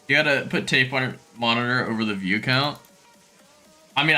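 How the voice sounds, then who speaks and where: A young man chatting casually on a game live stream, self-mocking and quick to laugh. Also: medium pitch, bright, forceful tone.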